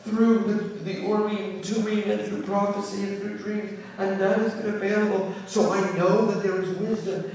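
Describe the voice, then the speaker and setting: A man's voice: high-pitched, little pitch movement, normal speed, few pauses, darkish tone, slight background noise, pitched above the performer's own voice. A man voicing a desperate king who stammers and pleads, recorded from afar in an echoey hall. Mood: pleading. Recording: echoey hall, distant mic.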